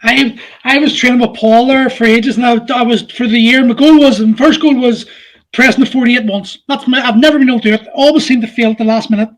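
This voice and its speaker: Brief: male podcast host, forties, unusually high voice, candid and sweary, laughs a lot. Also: fairly even intonation, quick pace. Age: 40s. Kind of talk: casual chat.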